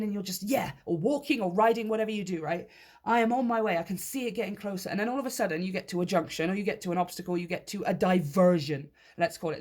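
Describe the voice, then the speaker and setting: Emphatic woman reading tarot. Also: medium pitch. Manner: emphatic and animated, keeps checking in with the listener. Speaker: tarot reader. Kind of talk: direct-to-camera tarot reading.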